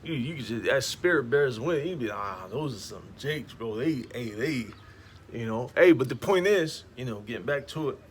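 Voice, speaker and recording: A man's voice: medium pitch, expressive, normal speed. A man street preaching in a slangy, emphatic way, peppering his talk with "man, all right?" outdoors beside passing traffic.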